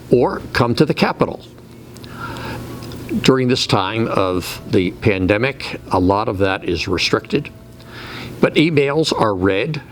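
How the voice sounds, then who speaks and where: A middle-aged man who works as a Catholic policy advocate, giving measured, deliberate interview answers with frequent pauses, recorded indoors at a state capitol. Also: on the low side, slight background noise.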